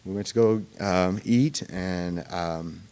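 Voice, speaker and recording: Man, lowish voice, rambling storytelling, recovery meeting speaker. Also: darkish tone, clean tone. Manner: conversational storytelling, many fillers and pauses. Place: meeting room.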